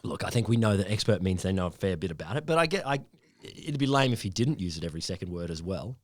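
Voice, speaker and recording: A man's voice: deep voice, sing-song, fast, dry recording. An Australian man co-hosting a casual science podcast, jumping in playfully with stammering restarts. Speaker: podcast co-host.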